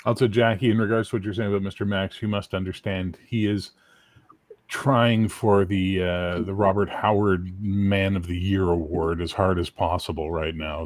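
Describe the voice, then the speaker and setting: A man's voice: deep voice, level tone, normal speed, dry recording. A man co-hosting a casual livestream chat, joking and sliding into mock tough-guy voices. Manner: jokey, breaks into put-on tough-guy voices. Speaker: co-host.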